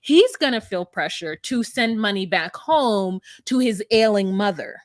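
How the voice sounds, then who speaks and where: A woman's voice: mid-range voice, measured pace, no echo, clean studio sound. A woman casually recapping a reality show with a co-host, acting out the people she quotes. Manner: animated, acts out quotes in character voices. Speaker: podcast co-host.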